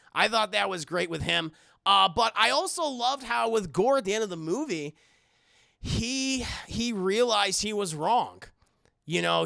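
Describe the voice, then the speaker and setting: A young adult man reviewing a film for a live stream chat, animated and rambling, swearing often. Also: high-pitched, creaky, no room sound, clean studio sound.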